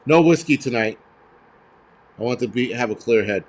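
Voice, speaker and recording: At a normal speed and mid-range pitch, a man running a live stream reads out donations and chat, answering viewers in a blunt, profane rant packed with fillers.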